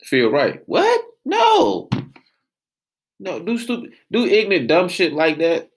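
A man's voice: on the high side, very animated, normal speed. A man, telling a profane story as a podcast host and losing his train of thought. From Atlanta, US South. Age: late 20s. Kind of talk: casual storytelling rant.

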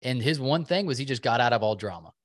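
A man's voice: medium pitch, animated, quick pace, no room sound, clean studio sound. A man co-hosting a podcast, talking in a casual, reflective and encouraging way with lots of loose fillers. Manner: chatty, many "like" fillers. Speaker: podcast co-host.

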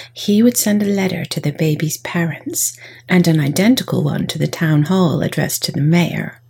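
A woman narrating a children's story, often in a soft half-whisper with playful emphasis and a breathy, husky voice. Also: lowish voice.

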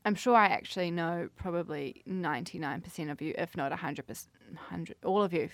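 A woman's voice: on the low side, fairly quick, no room sound. A woman in her late twenties hosting a solo podcast, rambling and self-deprecating, swearing now and then. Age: 20s. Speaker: podcast host.

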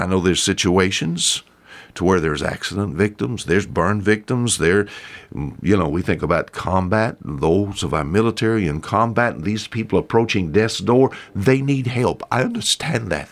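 A man, preaching a short folksy radio devotional that climbs high when he pleads.

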